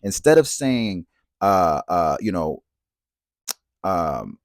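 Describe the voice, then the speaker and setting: A man's voice: sits low, big pitch swings, slow, no room sound, studio quality. A man giving a reflective spoken monologue, talking conversationally, repeating phrases and asking rhetorical questions. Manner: conversational, asks rhetorical questions and checks in with "right?". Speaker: speaker on relationships and spirituality.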